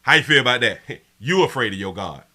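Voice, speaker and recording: A man hosting a live stream, reading viewer comments in a brash, profane way that swings from mumbling to yelling. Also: medium pitch, lively intonation, fast talker. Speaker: live show host.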